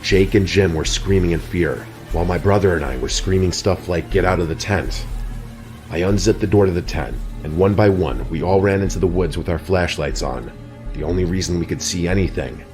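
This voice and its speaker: A man narrating a scripted horror story in a steady, even storytelling delivery. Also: sits low, a little fast. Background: soft background music.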